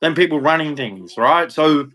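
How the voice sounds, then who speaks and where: An Australian man in his thirties speaks in a blunt, heated monologue and swears freely as he vents. His voice sits somewhat high for a man. He talks casually and plainly, without polish. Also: animated, moderate pace, sharp tone. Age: 30s. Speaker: vlogger.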